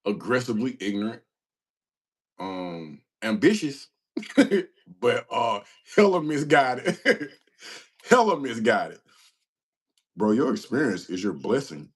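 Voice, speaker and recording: This livestream host chats casually through viewer comments, spinning self-deprecating, slang-heavy stories and laughing a lot. He speaks at a medium pitch with a sing-song, slightly rough quality, slowly and with long pauses.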